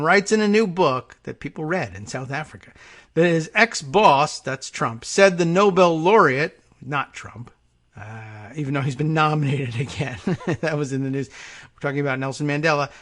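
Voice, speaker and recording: A political podcast host reading a news story aloud and breaking off into sarcastic, laughing asides, full of fillers. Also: male voice, on the high side, fairly bright tone.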